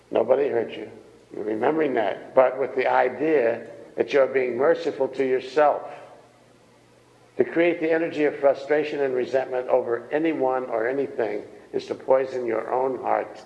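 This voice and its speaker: A man delivers a sermon in a conversational, folksy way, often asking his listeners questions. His voice is deeply gravelly and full of fry. The sound carries a long reverb from the hall he speaks in. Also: darkish tone. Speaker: minister. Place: church hall.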